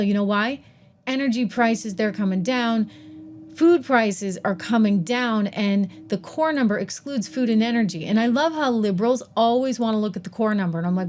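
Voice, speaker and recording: A woman's voice: mid-range voice, a little mellow. A middle-aged woman hosting her own commentary show on the economy, emphatic and mocking, talking straight to her viewers. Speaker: host.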